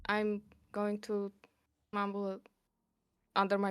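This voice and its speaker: A woman playing a tabletop game who gets excited, swears and laughs often. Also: mid-range voice, unhurried, clear, resonant tone, no echo. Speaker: player. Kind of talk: casual tabletop play.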